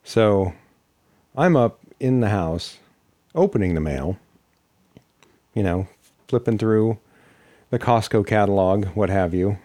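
A man's voice: lowish voice, animated, slow pace, long pauses, mellow, no room sound. A man chatting casually with his partner, chiming in with wry quips as he takes over the story. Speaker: partner in a couple's chat. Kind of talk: casual chat.

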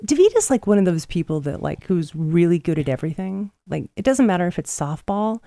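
Woman host, casual storytelling, profane and animated, lively swinging pitch, dry close sound. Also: brisk, vocal fry, no echo. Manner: profane, animated, acts out quotes. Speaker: podcast host.

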